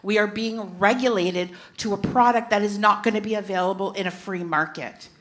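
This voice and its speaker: A woman's voice: medium pitch, steady tone, moderate pace. A middle-aged woman, speaking as a consumer advocate at a panel event, impassioned and emphatic with frequent restarts. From Canada. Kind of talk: passionate panel talk. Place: conference event hall.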